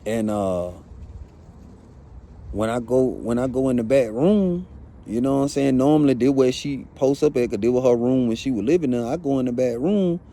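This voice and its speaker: A man's voice: mid-range voice, normal speed, dark tone. A man telling a first-hand story in blunt, profane, casual talk, often asking "you know what I'm saying". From Atlanta.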